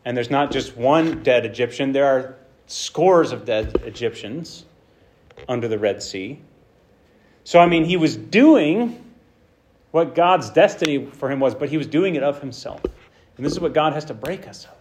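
A man preaching a sermon with passion, swinging between loud bursts and hushed lines and acting out the quotes he tells. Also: mid-range voice, lively intonation, unhurried, background noise.

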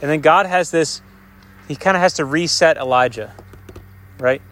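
A man with a somewhat high voice delivers a sermon, retelling scripture in a conversational way. He keeps checking in with his listeners and moves between ringing, raised passages and soft, hushed asides. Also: normal speed. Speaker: preacher.

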